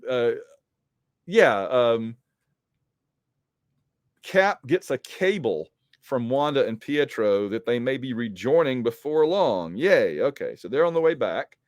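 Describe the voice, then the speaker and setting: A man's voice: medium pitch, animated, slow, pauses often, no room sound, clean studio sound. A man casually recapping a comic book story as a podcast host, rambling with frequent ums and self-corrections.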